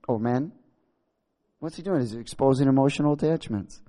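A man's voice: medium pitch, moderate pace, pauses often, mellow. A male pastor preaching and reading scripture aloud, exclaiming and laughing often. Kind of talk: sermon.

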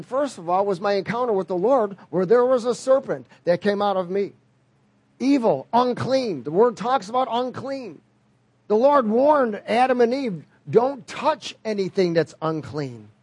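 A man's voice: high voice, slightly rough, no echo. A man preaching a sermon in an emphatic way, repeating key phrases and drawing call-and-response from the congregation.

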